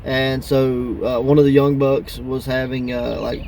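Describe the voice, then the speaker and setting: A man hosting a casual wrestling podcast, laughing often and acting out quoted wrestlers in higher voices. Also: flat delivery, a little slow, a little mellow, slight background noise. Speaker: podcast host.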